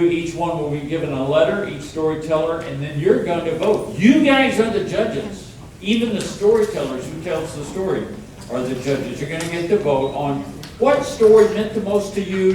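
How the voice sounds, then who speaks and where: A man hosts a live storytelling night and explains the rules in a loose, rambling way. His voice sits fairly high. He is heard from a distance in a big echoing hall, with audience noise and a steady hiss behind him. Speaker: event host. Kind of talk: announcing at a live storytelling event. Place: indoor event hall with audience. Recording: echoey hall, mic far off, crowd noise.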